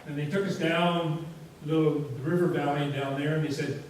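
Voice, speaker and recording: A man's voice: a little high, fairly even intonation, moderate pace. A man giving a presentation to a society, telling rambling anecdotes in a casual way with lots of fillers. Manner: rambling, anecdotal, frequent "you know" fillers. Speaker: guest speaker. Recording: echoey hall from far off, faint hiss.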